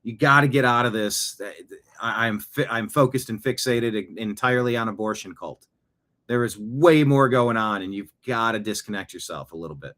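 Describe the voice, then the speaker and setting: A man's voice: medium pitch, normal speed, fairly bright tone. A man hosting a political talk show, speaking emphatically and repeating phrases for effect. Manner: emphatic, repeats phrases, acts out quoted voices. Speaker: show host. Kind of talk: opinionated political commentary.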